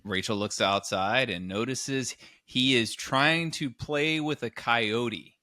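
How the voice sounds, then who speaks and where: A man co-hosting a comedy podcast, telling a rambling, animated story in casual chat. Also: mid-range voice, takes it slowly, no room sound, clean studio sound. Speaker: podcast co-host.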